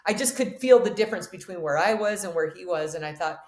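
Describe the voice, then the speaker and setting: A woman's voice: on the low side, fast. A woman in her forties, a podcast guest, telling a personal story with earnest emotion and acted-out dialogue. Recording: echoey room.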